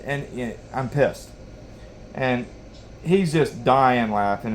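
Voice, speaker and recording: A man with a drawl spins a hunting yarn in casual, meandering fashion, circling back and restarting his sentences. His voice sits at an ordinary middle pitch. A faint noise runs underneath the recording. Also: takes it slowly, pauses often. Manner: rambling, folksy, lots of you-knows and restarts. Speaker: knife sharpening channel host. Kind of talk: casual storytelling while sharpening.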